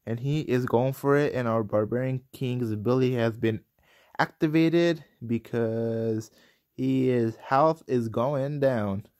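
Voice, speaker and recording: A young man casually commentating his own gameplay, excitable and rambling, quick to get frustrated. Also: medium pitch. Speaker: gaming commentator.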